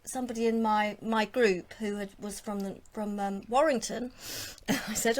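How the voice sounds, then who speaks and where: A woman's voice: a little high, fairly even intonation, moderate pace, few pauses. A woman from England, a guest on a live stream, chatting enthusiastically and often trailing off mid-thought. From Essex area, England. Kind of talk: casual live-stream chat.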